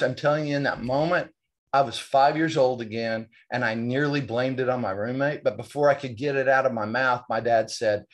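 A man's voice: medium pitch, steady tone, normal speed. A man, a podcast guest, telling an earnest, confessional personal story and quoting the dialogue as he goes.

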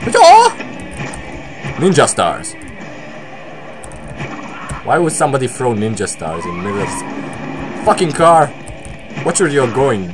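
A young man commentating on his own gameplay, joking, swearing and bursting into excited shouts. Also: mid-range voice. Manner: excitable, swearing, jokey outbursts. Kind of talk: let's play commentary.

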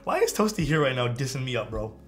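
A man's voice: medium pitch, very animated, fast, fairly bright tone. A man building a keyboard live on stream, chatting casually, thinking aloud and answering his chat.

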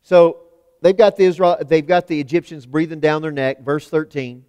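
A man preaching a sermon in a church, emphatic, swinging from loud declarations to hushed lines. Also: a little high, moderate pace, clear, resonant tone. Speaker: pastor. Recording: long hall reverb.

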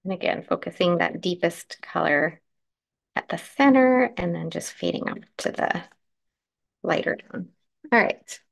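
Female craft host, croaky morning voice, friendly step-by-step live demo. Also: fairly low pitch, unhurried. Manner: chatty, explains steps while working, answers comments.

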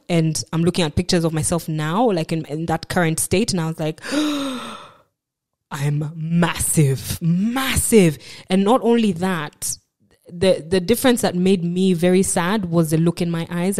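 On a podcast, a Kenyan-accented woman shares her personal story with candor and reflection, peppered with self-mocking remarks. Her voice sits on the low side and sounds a little mellow.

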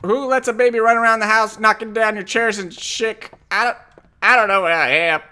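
A man's voice: sits high, fairly even intonation, fairly quick, bright, forceful tone, clear, resonant tone. A man commentating a horror game, jumpy and jokey, swearing often as he panics. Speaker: gamer.

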